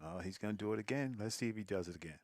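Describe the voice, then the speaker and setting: A man's voice: on the low side, expressive, racing, a little mellow. A man doing casual live commentary on a pool stream, teasing the players, giggling often and talking straight to his viewers.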